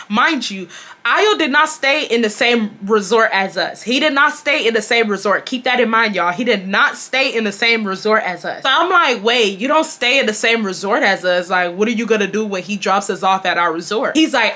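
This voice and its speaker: A woman's voice: on the high side, lively intonation, brisk, bright, forceful tone. A young woman telling a vacation story to her viewers in a casual, dramatic, slangy way, often calling them y'all. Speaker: storytime vlogger.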